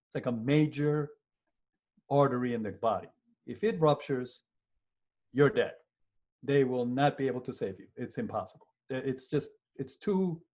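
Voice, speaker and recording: A man teaching law in an online webinar, animated and joking, often repeating words and acting out people. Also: medium pitch. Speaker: law professor. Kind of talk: lively webinar lecture. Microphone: video call. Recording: muffled webinar audio.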